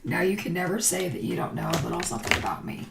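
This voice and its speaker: Middle-aged woman host, lively and rambling, coloring alone at her computer. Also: very deep voice, quick pace, vocal fry, a little hiss or hum. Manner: rambling storytelling with tangents. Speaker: crafting livestream host. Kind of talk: casual chat while coloring.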